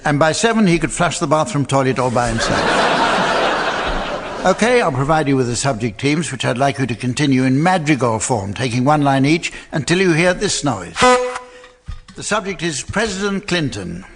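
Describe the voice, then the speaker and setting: Deadpan male quiz chairman. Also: medium pitch, normal speed, heavy background noise. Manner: dry, deadpan delivery of jokes. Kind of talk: scripted deadpan introduction. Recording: live radio recording with audience laughter.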